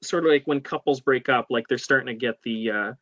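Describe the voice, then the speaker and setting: A man's voice: mid-range voice, a little fast, fairly bright tone, no echo, lo-fi sound. A man guest on a casual comic-book podcast, talking hesitantly with many fillers and hedges.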